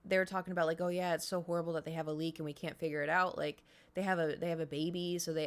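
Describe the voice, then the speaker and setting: A woman's voice: low-pitched, flat delivery, very fast, few pauses. A woman, chatting casually to her live stream audience and telling stories full of sound effects and whispered asides, her voice a little strained. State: voice slightly strained.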